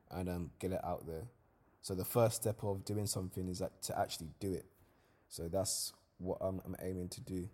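A young man hosting a solo podcast, talking in a casual, slangy way. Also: low-pitched. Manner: casual slangy storytelling, lively when reliving events. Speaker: podcast host.

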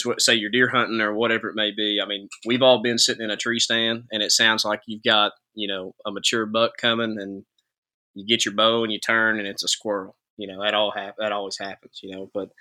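A male podcast guest with a fairly low voice, chatting easily about hunting. He keeps it loose and conversational, tossing "man" into his sentences. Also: bright, forceful tone. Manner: easygoing, peppers talk with "man". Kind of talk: casual hunting podcast chat.

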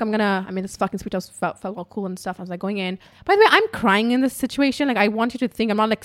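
A woman's voice: medium pitch, fairly bright tone. Swearing, emotional woman telling a story. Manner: emotional, frequent swearing, lots of "like" fillers. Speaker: podcaster and YouTuber. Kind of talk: casual storytelling to an audience.

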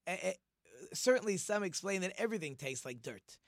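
A man with a rather high voice gives an informal Torah lesson. He talks in an animated way and acts out quoted speech in different voices. The recording is dry and close. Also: brisk, no echo. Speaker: Torah teacher.

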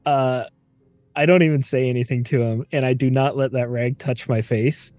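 A man's voice: medium pitch, steady tone, normal speed, darkish tone, no room sound. A man playing in a tabletop game, speaking in a matter-of-fact way. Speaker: player. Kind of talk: casual chat.

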